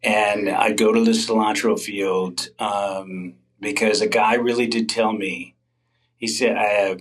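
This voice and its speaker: A middle-aged man speaks as a comedian guest in a candid interview. His voice sits fairly low, and he tells long stories full of ums, restarts and asides. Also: steady tone, slow, low-quality recording. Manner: rambling storytelling with many fillers and restarts.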